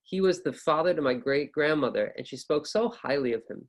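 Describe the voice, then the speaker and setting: A man's voice: on the high side, animated, a little fast. A man teaching a pronunciation lesson, exaggerating rises and falls in his voice to demonstrate, repeating points patiently and encouragingly.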